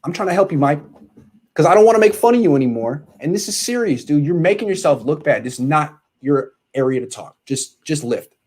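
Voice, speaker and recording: A man's voice: on the high side, expressive, brisk, a little mellow. A man hosting a casual sports talk show, ranting animatedly and reading out viewer comments.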